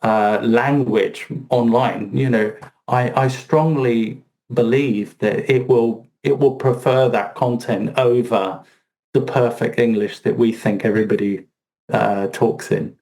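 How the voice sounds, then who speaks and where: A man's voice: mid-range voice, steady tone, slow, darkish tone. A man speaking as a podcast guest, rambling with lots of fillers and restarts. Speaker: podcast guest, SEO expert. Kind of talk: casual conversational interview.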